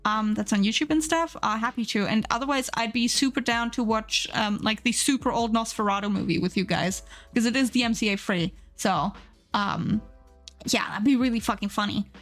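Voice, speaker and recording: A woman's voice: on the high side, normal speed, fairly bright tone, faint music behind. A woman streamer chatting casually and rambling with plenty of fillers while she draws on a live art stream. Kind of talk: casual chat while drawing.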